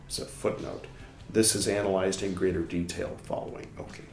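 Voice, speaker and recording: A man reading a book aloud for a podcast, carefully and deliberately, now and then adding wry muttered asides. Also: sits low, fairly even intonation, gravelly, soft background music. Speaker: podcast reader. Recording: roomy echo.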